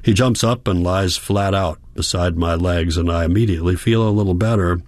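A man calmly narrating a first-person audiobook in a measured way. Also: low-pitched, no echo.

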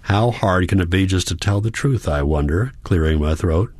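A man with a very low voice reads a first-person novel aloud, calm and measured. His narration stays reflective throughout. The sound is dry and close to the mic. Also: dry recording. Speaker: audiobook narrator.

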